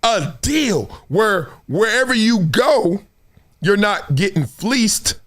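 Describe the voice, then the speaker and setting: A middle-aged man hosting solo sports commentary, animated and fond of acting out quotes in other voices. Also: sits high, takes it slowly.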